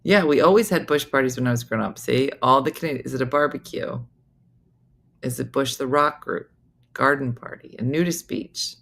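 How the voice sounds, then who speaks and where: A woman comedian with a low, gravelly voice hosts a casual morning show. She tells her story in a chatty, animated way and keeps breaking off for quick asides. The tone is loose and conversational throughout.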